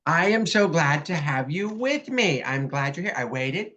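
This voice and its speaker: Upbeat woman life coach, lively pitch, presenting a workshop over dull video-call audio. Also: a little slow. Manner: upbeat, animated and folksy.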